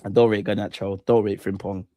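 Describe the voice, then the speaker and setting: Give me an excitable young man in his own voice, trading banter with his chat during a live football match, in a dry, close recording. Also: fairly low pitch, a little fast, no echo. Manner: excitable, banter-heavy, trash-talking. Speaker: streamer hosting a football watch-along. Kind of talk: casual live commentary, chatting with viewers.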